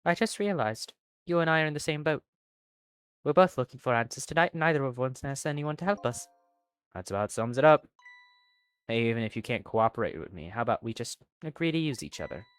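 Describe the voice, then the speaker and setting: Animated and brisk, a mid-range voice with a clean tone reads out characters' lines from a game. Between lines, the streamer jokes around and swears.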